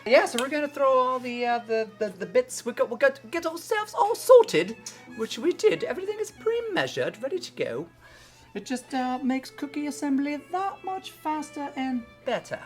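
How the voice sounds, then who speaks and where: A woman's voice: high-pitched, very animated, normal speed, voice pushed up. A woman voicing a fussy, perky British woman TV cook in a put-on British accent, with twee, silly asides. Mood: chirpy. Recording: background music.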